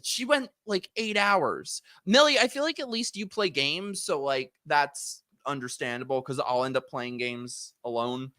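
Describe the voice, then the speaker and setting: A man's voice: fairly high pitch, a little slow, few pauses, sharp tone, dry recording, studio quality. A man hosting a live stream, chatting casually and animatedly, laughing and mimicking people in his stories. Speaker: streamer host.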